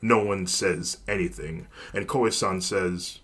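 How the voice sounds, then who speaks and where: A man narrating a fan story in a plain, even storytelling manner. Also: deep voice, takes it slowly, breathy edge.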